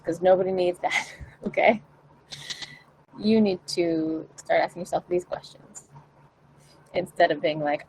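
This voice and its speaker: A woman's voice: lowish voice, gravelly, a little mellow, a little hiss or hum, rough recording. A woman vocal coach talking casually to camera, encouraging and acting out the questions singers should ask themselves. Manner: encouraging, acts out her own inner questions.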